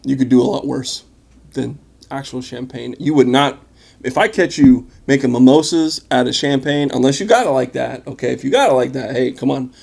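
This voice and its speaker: A man with a gravelly, slightly fried voice hosts a casual tasting video. He talks in a relaxed, enthusiastic way, full of fillers and asides to the viewer, at an everyday mid pitch. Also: moderate pace. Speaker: wine vlogger. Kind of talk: casual wine tasting chat.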